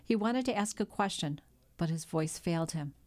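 A woman reads a classic novel aloud, her voice sitting a little low. She tells the story in a measured, even way, letting each scene unfold steadily. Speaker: audiobook narrator. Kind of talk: scripted narration.

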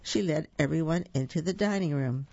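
Gravelly storyteller reading to children. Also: mid-range voice, a little fast, dry recording, lo-fi sound. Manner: warm asides to young listeners.

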